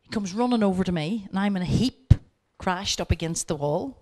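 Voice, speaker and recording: A woman speaking at a workshop, telling lively stories and coaching her audience directly. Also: mid-range voice, moderate pace. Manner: lively anecdotes, acting out both sides of the dialogue. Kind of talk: storytelling lecture.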